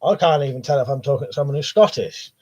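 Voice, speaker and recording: A man's voice: mid-range voice, animated, quick pace, mellow. A man hosting a live stream, reading viewer comments aloud and chatting back casually with plenty of swearing. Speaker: livestream host. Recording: dull lo-fi stream audio.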